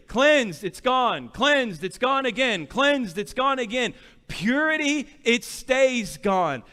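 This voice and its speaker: A man in his thirties, a pastor preaching a sermon with animated storytelling, acting out quotes and rising to shouts. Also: extremely high pitch, clear, resonant tone. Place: church hall. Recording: long hall reverb.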